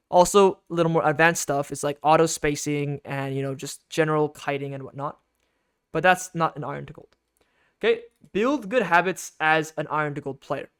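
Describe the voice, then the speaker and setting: A man's voice: on the high side, smooth. A man giving an instructional game guide as a coach, emphatic and repetitive, often checking in with "okay?".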